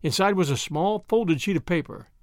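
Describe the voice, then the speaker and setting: A man narrating an audiobook in an expressive storytelling manner. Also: sits high, moderate pace, no room sound, clean studio sound. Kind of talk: scripted narration.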